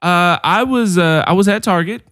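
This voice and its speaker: A man co-hosting a podcast in casual chat, an animated storyteller who swears freely. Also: high voice, normal speed, dry recording, clean studio sound. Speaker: podcast co-host.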